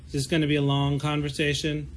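A man's voice: a little high, monotone, quick pace, slight background noise, close to an everyday voice. A man reading the lines of a wry woman photographer on a stakeout, with dry, understated delivery. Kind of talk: reading fiction aloud.

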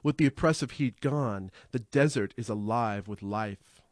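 A man narrating a first-person audiobook in a measured, reflective way, slowing on vivid images. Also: mid-range voice, a little mellow, no echo, clean studio sound.

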